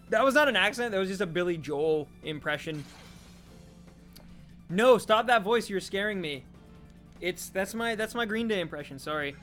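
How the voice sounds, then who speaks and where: A man's voice: high-pitched, a bit bright. A man from Canada streaming a game, rambling and joking as he answers his chat in casual talk.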